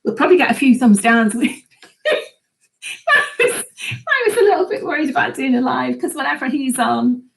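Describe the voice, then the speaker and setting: A woman's voice: sits high, lively intonation, fast, gravelly, few pauses, slight background noise, low-quality recording. A woman hosting a gardening live chat, chatting casually and laughing often as she reads viewer comments aloud.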